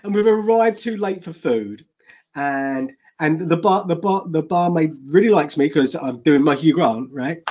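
A man's voice: fairly high pitch, a little slow, darkish tone, slight background noise. An English man co-hosting a casual chat, telling rambling anecdotes with frequent restarts and laughs.

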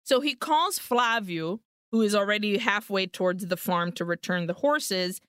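A woman's voice: mid-range voice, expressive, moderate pace, a bit bright, clear, resonant tone, no echo, studio quality. A woman co-hosting a podcast, animatedly retelling a film's plot and acting out the characters' lines. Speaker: podcast co-host. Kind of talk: casual film recap chat.

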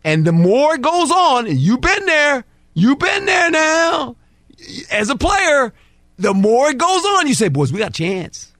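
A man with a high, lively voice breaks down football on a sports talk show, close and dry on the mic. He is emphatic and folksy and slips into quoted dialogue as players and coaches. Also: normal speed, dry recording. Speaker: football analyst guest.

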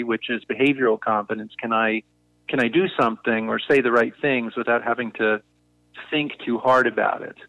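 A man's voice: mid-range voice, creaky, bright, forceful tone, no echo. A man being interviewed as a negotiation consultant, explaining ideas thoughtfully and often restarting his sentences. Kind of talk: conversational podcast interview. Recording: tinny phone-line audio.

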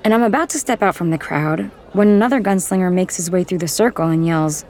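Low-voiced woman narrating an audiobook. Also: brisk, darkish tone, some chatter behind. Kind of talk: first-person audiobook narration.

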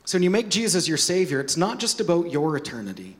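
A man preaching a sermon as pastor, animated, with joking asides and repeated words. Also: on the high side, quick pace.

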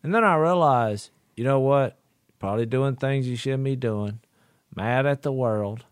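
A man's voice: mid-range voice, unhurried, smooth, no room sound, clean studio sound. A man, a podcast co-host telling a story in casual chat and laughing along with it. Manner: animated, laughs through his own story.

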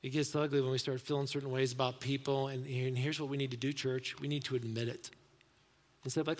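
A man's voice: medium pitch, fairly even intonation, fast talker. Man preaching in a reverberant church. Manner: conversational preaching, acts out quoted voices, drops to soft asides. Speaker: pastor. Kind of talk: sermon.

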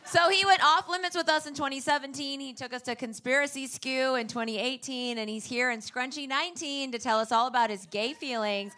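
A woman hosts a podcast and introduces her guest in a playful, teasing manner. Her voice sits a little high and sounds bright and forceful. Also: a little fast, few pauses. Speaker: podcast host.

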